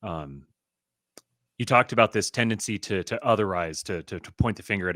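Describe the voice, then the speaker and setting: A man's voice: fairly low pitch, moderate pace, a bit bright, no room sound, studio quality. A man hosting a podcast, talking in an earnest, reflective way. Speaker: podcast host. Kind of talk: casual theological discussion.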